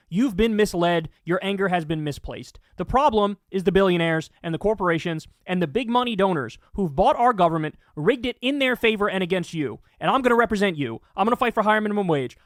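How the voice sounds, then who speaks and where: A man's voice: high-pitched, fairly bright tone, no echo, clean studio sound. A man hosting political commentary, ranting angrily with lots of swearing. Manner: angry, profane ranting.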